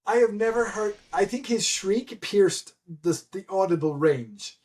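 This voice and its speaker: A man telling a story in a casual podcast chat, animated and laughing, with many fillers and restarts. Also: sits high, a little slow, noisy background. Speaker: guest, event admin.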